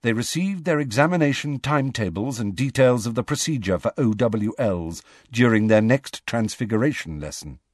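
A man reading a novel aloud as an audiobook narrator, with expressive storytelling. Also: medium pitch, moderate pace, hardly any pauses, dry recording, studio quality. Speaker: audiobook reader. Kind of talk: scripted narration.

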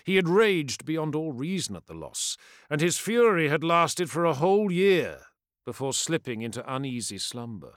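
A man giving a scripted, theatrical narration of a dark fantasy audiobook, building in intensity. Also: on the high side, sing-song, moderate pace, dry recording, clean studio sound.

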